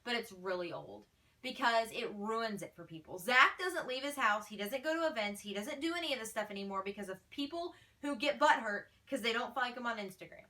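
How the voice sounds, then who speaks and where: A woman's voice: on the high side, lively intonation, fairly quick, pushed and bright, far from the mic. Feisty, ranting woman vlogger. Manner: blunt, exasperated, feisty. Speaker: fan page admin answering fan questions. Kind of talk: casual ranting Q&A vlog.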